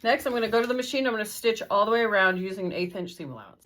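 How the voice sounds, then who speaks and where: Woman talking thru a sewing tutorial, easygoing and clear, normal pitch. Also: rapid-fire, fairly bright tone. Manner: friendly, methodical, casual explaining. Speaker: sewing instructor. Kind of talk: step-by-step tutorial narration.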